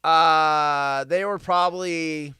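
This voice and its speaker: Man, live stream host, sarcastic rambling rants, high bright voice, dry close sound. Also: steady tone, takes it slowly, clean tone, dry recording. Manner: rambling, sarcastic, goes off on tangents. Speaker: livestream host. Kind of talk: live commentary on news stories.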